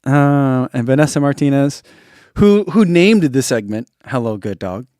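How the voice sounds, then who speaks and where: A man's voice: medium pitch, expressive, measured pace, dark tone, dry recording, studio quality. A middle-aged man, host of a running channel, chatting casually on a live stream, reading out viewer comments and chuckling often. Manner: laid-back, chuckles often, reads comments aloud.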